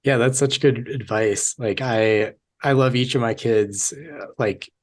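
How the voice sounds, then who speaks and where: A man hosting a podcast interview, speaking gently and haltingly with many pauses and fillers. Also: medium pitch. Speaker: podcast host. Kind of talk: casual interview.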